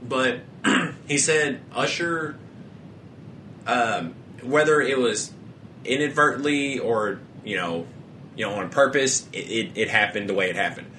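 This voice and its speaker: A man's voice: medium pitch, measured pace, bright, forceful tone, slight background noise. A young man co-hosting a podcast, rambling casually with frequent restarts and a lot of swearing. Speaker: podcast co-host.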